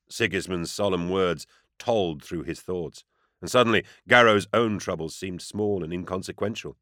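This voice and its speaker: A man giving scripted audiobook narration in a measured, grave storytelling manner. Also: sits low, fairly bright tone, no room sound, studio quality.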